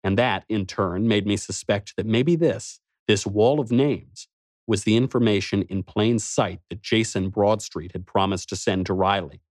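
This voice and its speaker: A man's voice: on the low side, a little slow, no echo, clean studio sound. A man narrating a first-person story in a wry, snarky manner. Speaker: audiobook narrator.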